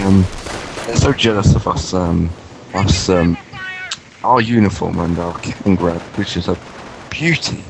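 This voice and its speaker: A man's voice: deep voice, vocal fry, noisy background. A man rambling through a comedic in-character monologue, hesitant and full of ums and restarts. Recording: voice over loud video game gunfire. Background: game battle sounds with gunfire.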